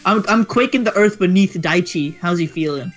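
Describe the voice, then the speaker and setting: A man's voice: high-pitched, moderate pace, faint music behind. A young man playing a co-op game, joking, punning and giggling as he talks. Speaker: co-op player. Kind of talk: casual gaming chat.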